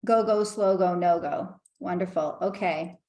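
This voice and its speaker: A woman's voice: fairly low pitch, unhurried, mellow, roomy sound. A woman hosting an online meetup over a video call, chatty and reading out comments from the chat. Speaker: meetup host.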